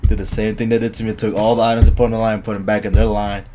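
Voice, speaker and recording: A man with a lowish voice tells stories on a casual podcast. He gets animated and laughs as he goes. A faint hiss runs underneath. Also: rapid-fire. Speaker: podcast co-host. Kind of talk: casual chat. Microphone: podcast microphone.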